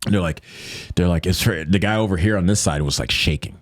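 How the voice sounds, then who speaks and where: A man telling a story casually as a guest, animated, acting out quotes in a higher voice. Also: fast talker, no echo, clean studio sound.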